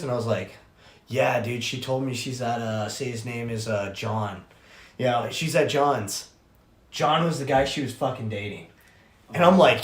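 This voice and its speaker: A young man, a podcast host, telling a story in casual chat, animated and profane, acting out the voices of people he quotes. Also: mid-range voice, fairly quick. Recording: roomy echo.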